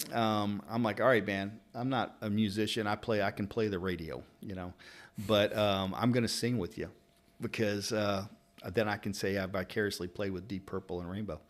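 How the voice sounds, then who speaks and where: A middle-aged man from Louisville with a Kentucky accent, a barber casually rambling through anecdotes in conversation. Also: fairly low pitch. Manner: rambling storyteller, animated retelling of anecdotes. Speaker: barber and interviewer. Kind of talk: casual chat.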